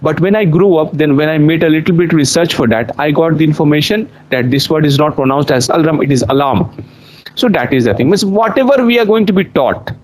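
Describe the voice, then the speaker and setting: A man's voice: on the high side, fast, few pauses, low-quality recording. A young adult man from India with an Indian accent, an English teacher answering interview questions in an earnest, explanatory way. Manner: earnest, explanatory, repeats points.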